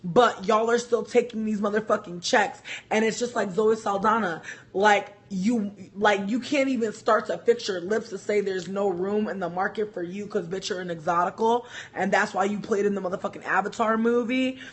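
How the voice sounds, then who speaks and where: High, husky man ranting heatedly. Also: steady tone, moderate pace, fairly bright tone. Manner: heated, profane, repetitive. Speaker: vlogger. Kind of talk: opinion rant to camera.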